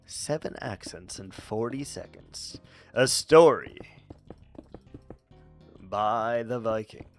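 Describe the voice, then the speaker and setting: A man's voice: on the low side, slow pace, faint music behind. A man streaming a game, chatting casually with silly, playful asides and mutters. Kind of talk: casual gameplay commentary.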